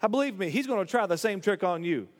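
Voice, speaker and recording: A man's voice: sits high, expressive, fast, in a large hall. A man preaching a sermon, telling stories with emphatic stammered restarts. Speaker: pastor.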